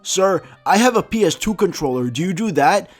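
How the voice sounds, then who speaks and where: Clueless schoolkids , as a man puts them on, asking dumb questions in a slow, dopey drawl. The voice is pitched high. Soft music runs underneath. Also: animated, husky.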